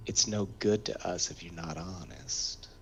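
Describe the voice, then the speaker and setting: A man in an improv comedy scene speaking in a deadpan way. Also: lowish voice, measured pace, creaky, a little hiss or hum. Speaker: improv performer.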